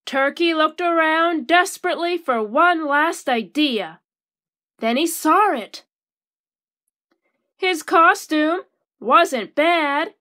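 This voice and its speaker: Slow bright-voiced woman reading a storybook. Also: sits high. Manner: slow, expressive reading for children. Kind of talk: storybook read-aloud.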